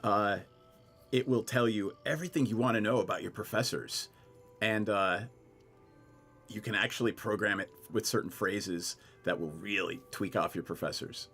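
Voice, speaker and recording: A man narrating a tabletop game as game master, chatty and halting. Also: on the low side, a bit bright, husky, faint music behind. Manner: chatty, halting with fillers and restarts.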